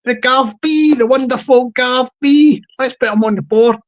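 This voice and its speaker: A woman's voice: high voice, moderate pace, low-quality recording. A woman chatting casually on a live stream, rambling playfully and greeting viewers by name.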